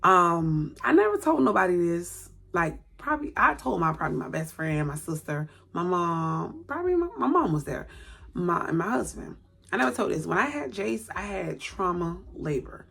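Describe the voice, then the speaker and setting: A woman's voice: on the low side, sing-song, normal speed, vocal fry, a bit bright, slightly rough. A woman in her late thirties telling a personal story on camera at home, repeating words for emphasis and acting out what people said. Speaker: vlogger. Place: indoors at home, by a light.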